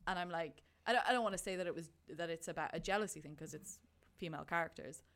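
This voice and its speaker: A young woman in casual conversation about a film, chatty and animated, acting out her own thoughts in quotes. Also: on the low side, fast talker.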